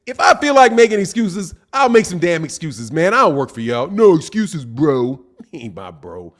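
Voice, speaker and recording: A boxing channel host with a high, lively voice speaks a little fast on his live stream, reading viewer comments aloud and firing back at them. He's teasing and combative, ending his lines with "man" and "dog."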